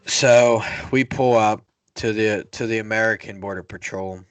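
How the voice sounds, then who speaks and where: A man's voice: on the low side, unhurried, clean tone. Casual, profane young man telling a story. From Pittsburgh area. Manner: profane, rambling, animated storyteller. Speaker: podcast host.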